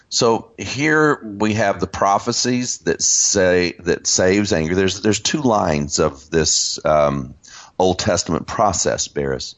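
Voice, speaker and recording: Man, very low voice, halting speech with fillers, theology discussion, dull lo-fi recording. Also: animated, fairly bright tone. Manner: halting, many fillers and restarts. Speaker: Christian teacher. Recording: dull lo-fi sound.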